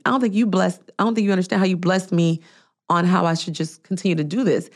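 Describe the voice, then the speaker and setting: Woman telling a lively story. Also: fairly low pitch, quick pace. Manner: animated storytelling, acting out quoted people. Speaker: podcast host. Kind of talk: casual chat.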